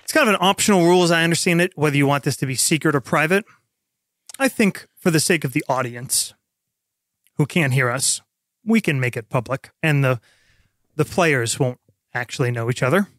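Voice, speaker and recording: A male game master with a fairly high voice, running a tabletop role-playing game. He explains the rules and narrates scenes plainly. The sound is dry and close. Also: fairly quick, fairly bright tone, no room sound.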